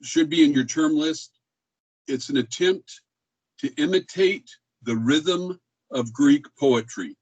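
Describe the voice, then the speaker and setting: A man's voice: a little high, slow pace, a little mellow, husky, no echo, rough recording. Man lecturing casually, dry close sound. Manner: casual, many ums and uhs, illustrates speech rhythms with his voice. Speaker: music history teacher. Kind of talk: recorded classroom lecture.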